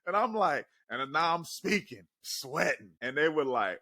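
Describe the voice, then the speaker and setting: A young man co-hosting a podcast, telling stories with animated, motivational energy. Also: a little high, moderate pace, hardly any pauses, breathy edge, dry recording. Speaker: podcast co-host. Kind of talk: casual chat.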